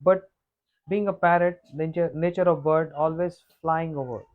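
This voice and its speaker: A man telling a devotional story as a monk, unhurried and repetitive, often clearing his throat. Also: on the high side, steady tone, narrow, tinny audio. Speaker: monk giving a scripture talk. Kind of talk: sermon storytelling.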